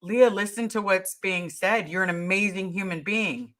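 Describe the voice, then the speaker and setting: A woman hosting a casual livestream, talking straight to her viewers. Her voice is bright and forward, and she presses her points hard, repeating key words for emphasis. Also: mid-range voice, normal speed. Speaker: livestream host answering viewer questions.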